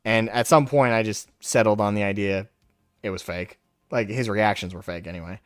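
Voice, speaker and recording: A man's voice: fairly low pitch, normal speed, fairly bright tone, no room sound, clean studio sound, soft background music. A man hosting a live stream, talking in a brash, mocking way and taunting people in a raised voice. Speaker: livestream host. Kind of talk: casual livestream commentary.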